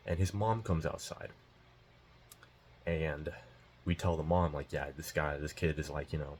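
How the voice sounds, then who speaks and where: A man's voice: very deep voice, slight background noise. A young man telling a personal story in a casual, rambling and profane way, full of fillers, as a self-improvement vlogger. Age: young adult.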